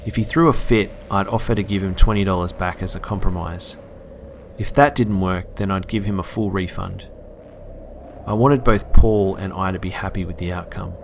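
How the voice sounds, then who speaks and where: Young aussie guy reading a creepy story, lowish voice, faint hiss behind. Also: vocal fry. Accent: Australian. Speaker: YouTube storyteller. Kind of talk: reading a scary story aloud.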